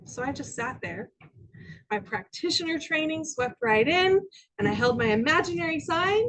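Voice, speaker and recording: A woman minister giving a spiritual talk to a congregation, telling personal stories and sometimes dropping to a soft near-whisper. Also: high voice, lively intonation, moderate pace, low-quality recording. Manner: storytelling, acting out quoted voices, dropping to soft near-whispers. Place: church sanctuary with audience.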